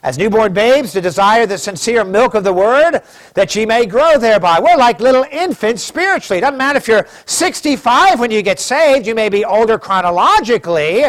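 A man preaching a sermon as pastor, reading scripture aloud slowly and with emphasis. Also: high voice, expressive, fairly bright tone.

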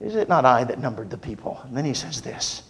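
A man preaching a sermon, moving from humorous storytelling to earnest, quieter exhortation. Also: medium pitch, very animated, fast talker, slight background noise.

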